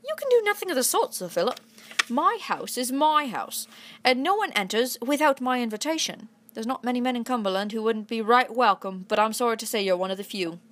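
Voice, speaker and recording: A woman's voice: fairly even intonation, fast talker, few pauses, fairly bright tone, a little hiss or hum, lightly acted. A woman voicing a blunt, stubborn middle-aged farmer father, reading a storybook aloud. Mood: stern. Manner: blunt, rumbling, defiant.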